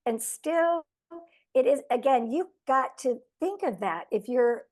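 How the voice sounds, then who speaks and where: A woman on a team coaching call over a video link, passing on her own tips. She talks earnestly and is quick to laugh at herself. Her voice sits a little higher than most women's. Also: lively intonation, darkish tone. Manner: earnest, self-deprecating. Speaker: team member sharing tips.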